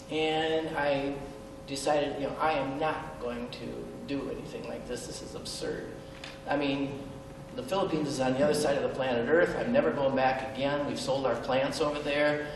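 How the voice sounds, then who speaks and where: A man's voice: mid-range voice, steady tone, normal speed. Earnest man speaking in an echoey hall. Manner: earnest, with self-deprecating humor and hesitant fillers. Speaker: speaker at a benefit event. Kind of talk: personal storytelling speech. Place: large event hall. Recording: echoey hall, mic far off, faint background noise.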